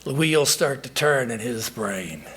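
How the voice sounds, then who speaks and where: A male monk speaks in a temple, giving a sermon in a slow, unhurried voice. His tone is husky and a little breathy. He reflects in a measured way and pauses often to gather his thoughts. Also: medium pitch, expressive, fairly bright tone. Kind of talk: sermon with storytelling.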